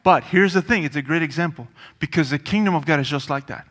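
A preacher delivers a fast sermon in a bright, forceful voice that sits slightly high for a man. His style is conversational yet emphatic, full of repeated phrases and casual asides. A long reverb trails his words, like he's speaking in a large hall.

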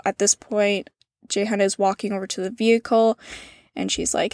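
A woman's voice: mid-range voice, level tone, measured pace, no echo. Casual woman chatting, dry sound. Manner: casual, many fillers, reads out quotes in a subdued tone. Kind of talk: casual chat.

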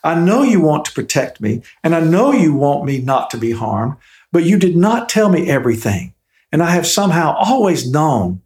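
A man's voice: fairly high pitch, sing-song, normal speed, a little mellow. A man voicing an earnest, defiant young boy who speaks emphatically. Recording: echoey room.

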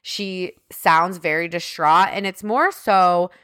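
Taking it slowly, a woman co-host recounts a criminal case on a podcast in chatty true-crime style, leaning heavily on "like" and adding indignant asides. Her voice is lowish, fairly bright, clear, and resonant, recorded clean in the studio with no room sound.

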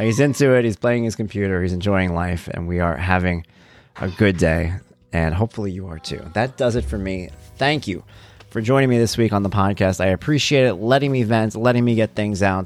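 Relaxed, low-voiced dad podcaster. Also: male voice. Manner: relaxed, conversational, chatty asides. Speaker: podcast host. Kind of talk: casual personal monologue. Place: home room.

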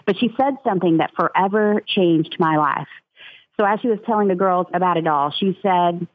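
A woman's voice: fairly low pitch, normal speed, no room sound. A woman who founded a ministry, telling heartfelt stories as a guest in an interview. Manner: earnest, heartfelt storytelling. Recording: tinny phone line.

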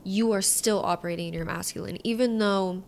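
A woman hosting a solo podcast, talking in a casual, frank way, swearing freely and sometimes dropping into quiet asides. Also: mid-range voice, a little fast, gravelly. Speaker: podcast host.

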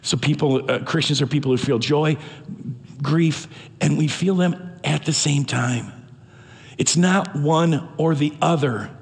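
A man's voice: a little high, a little slow, vocal fry, long reverb tail. A man preaching a sermon as pastor, earnest and emphatic, often restarting his phrases.

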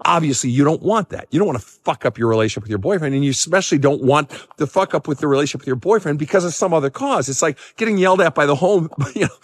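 A man's voice: mid-range voice, dry recording, studio quality, in a large hall. A middle-aged man, a counselor, answering listener questions outdoors in the cold in a blunt, emphatic way, swearing freely and bouncing on his feet. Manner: jumping up and down from cold and excitement. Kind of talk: casual advice talk.

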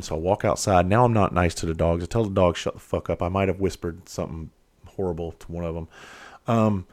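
A man's voice: sits low, no echo. Blunt, profane middle-aged man. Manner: blunt, heavily profane, emphatic. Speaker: podcast host. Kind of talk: confessional monologue.

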